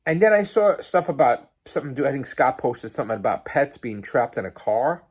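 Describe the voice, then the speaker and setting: A man's voice: medium pitch, sing-song, fairly quick. A man hosting a podcast, ranting to camera in an angry, swearing, agitated way. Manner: swears heavily, grows agitated and loud. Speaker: podcast host. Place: pizzeria, on a work break.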